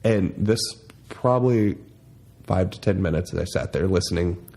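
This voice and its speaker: A man with a creaky, dark voice speaks at a moderate pace as co-host of a casual podcast chat. His stories wander, and he performs quotes in a high-pitched voice.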